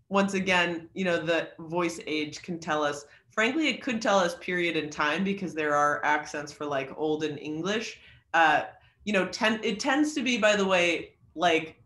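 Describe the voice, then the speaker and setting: A man's voice: a little high, sharp tone, echoey room. A man teaching an online creative writing class, chatty and joking, with lots of fillers. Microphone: video call.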